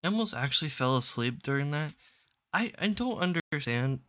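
A man's voice: a little high, animated, moderate pace, a bit bright. A man doing casual reaction commentary at his home desk into a microphone, sarcastic and rambling, swearing now and then. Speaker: political commentator.

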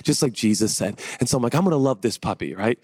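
A man preaching a conversational sermon, telling personal stories in a chatty, animated way and building to excited rhetorical questions. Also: medium pitch, fast talker, husky, no room sound. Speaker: pastor.

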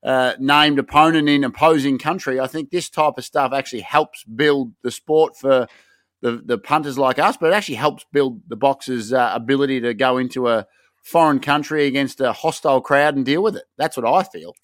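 A man's voice: mid-range voice, normal speed, fairly bright tone, no echo. A man co-hosting a casual podcast, building up segments with over-the-top hype. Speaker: podcast co-host.

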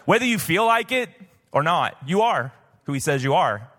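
Pastor, male, 50s, from the southern US; casual storytelling sermon, lightly raised pitch, live hall echo. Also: sing-song, normal speed, a bit bright. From southern United States. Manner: conversational, personal storytelling with many "like" fillers. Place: church, recorded live. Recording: live church hall reverb.

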